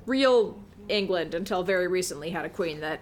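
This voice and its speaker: A woman's voice: fairly low pitch, animated, normal speed. A woman co-hosting a podcast, chatting opinionatedly among friends with lots of fillers. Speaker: podcast co-host. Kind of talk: casual chat among friends.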